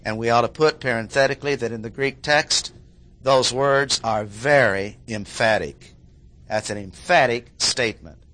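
A man delivering an expository sermon in a bright, forceful voice at a middling pitch. He leans on key phrases, repeating them for emphasis, and stops now and then to clear his throat. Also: expressive, a little slow. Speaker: preacher.

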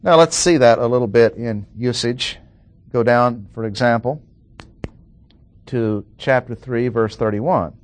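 A man delivering a verse-by-verse sermon at an ordinary mid-range pitch. He slows down to stress single words and throws questions at his listeners. The recording is dry and close, with little room sound. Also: no echo. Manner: emphatic, drawn-out stresses on key words, asks the audience questions. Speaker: preacher. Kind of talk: sermon, Bible exposition.

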